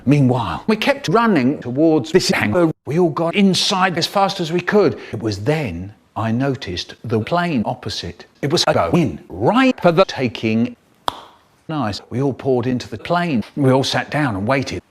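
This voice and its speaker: An older man telling a story in a spliced reading, animated and bursting into sound effects. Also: mid-range voice, a little slow, breathy edge.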